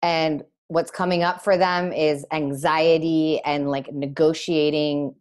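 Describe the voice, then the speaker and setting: A woman's voice: low-pitched, fairly even intonation, slow pace, hardly any pauses, a little mellow. A woman interviewer asking thoughtful, probing questions.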